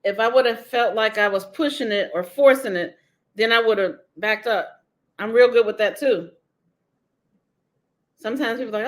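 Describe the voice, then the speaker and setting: A woman's voice: a little high, moderate pace, long pauses. A woman author being interviewed, talking candidly and emphatically, laughing often.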